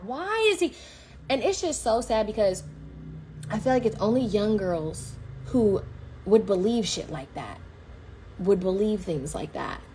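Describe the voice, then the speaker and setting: Young woman, livestreaming a story, animated and profane, mid-pitched voice. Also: a little hiss or hum. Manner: animated, blunt, slangy and profane.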